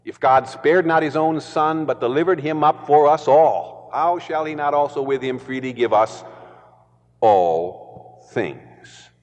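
A man preaching a sermon, stressing points through deliberate repetition. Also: fairly high pitch, big-room sound, lo-fi sound.

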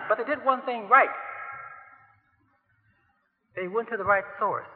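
A man preaching a sermon who swings between soft asides and loud, emphatic outbursts and asks his listeners direct questions. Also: sits high, a little slow, long pauses. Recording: tinny phone-like sound in a long-reverb hall.

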